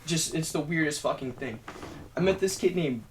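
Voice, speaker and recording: Animated, swearing young man telling stories. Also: a little high, moderate pace, a crowd in the background. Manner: animated, profane storytelling. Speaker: podcast guest. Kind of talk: casual chat.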